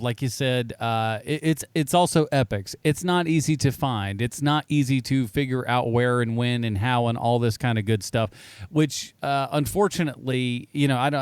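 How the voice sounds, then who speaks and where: A man's voice: medium pitch, smooth, no room sound. A man co-hosting a casual podcast chat, rambling and correcting himself as he goes. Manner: animated, rambling, self-correcting. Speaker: podcast co-host.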